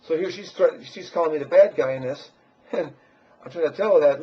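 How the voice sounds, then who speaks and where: Husky-voiced man rambling in lo-fi. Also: fairly high pitch, a little fast. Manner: crude, boastful and meandering. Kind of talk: rambling personal monologue.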